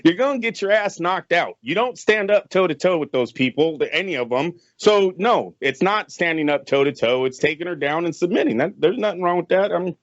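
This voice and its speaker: A man's voice: high-pitched, expressive, a little fast, few pauses, dry recording, highs cut off. Blunt, emphatic male co-host. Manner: blunt, emphatic, curses freely. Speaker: podcast co-host. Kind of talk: casual sports podcast chat.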